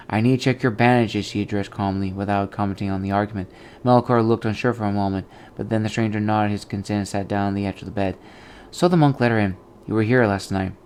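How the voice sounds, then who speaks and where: Low, smooth-voiced man reading aloud. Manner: steady, measured, with small slips and restarts. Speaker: book channel host.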